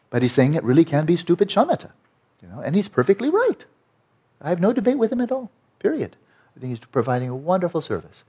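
Male retreat teacher, husky and a little breathy, emphatic and conversational, pushes his pitch up to land a point. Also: a little mellow. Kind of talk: dharma talk to retreat students.

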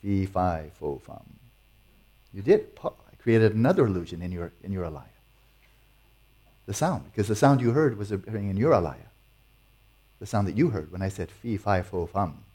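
A man's voice: lowish voice, animated, a little fast, pauses often, mellow. A man teaching meditation and answering audience questions in a playful, teasing way. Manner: playful, teasing, chuckles often.

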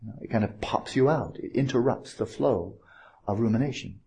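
This man's voice is medium in pitch with a creaky texture. He's a meditation teacher delivering a dharma talk at a retreat, gentle and playful, taking his time with pauses and little asides.

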